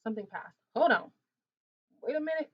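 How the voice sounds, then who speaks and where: A woman in her 20s from Ontario, Canada, hosts a casual livestream, reading viewer comments in a high, fairly quick voice. She's chatty and animated, laughs often, and talks in loose slang over dull lo-fi audio.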